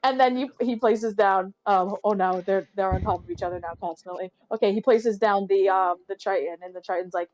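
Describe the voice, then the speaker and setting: A woman acting as game master, narrating a tabletop role-playing session in a lively, laughing storytelling manner. Her voice sits at a middling pitch. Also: a little fast, hardly any pauses, dry recording, low-quality recording.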